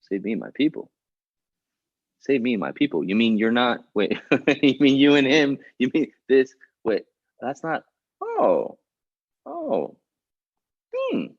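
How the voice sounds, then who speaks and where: A man's voice: wildly swooping pitch, slow pace, long pauses, husky, full character voice. A man voicing a stunned, furious ancient king who sputters and stammers. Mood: shocked rage. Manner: sputtering, stammering, swinging high and low. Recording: muffled lo-fi recording.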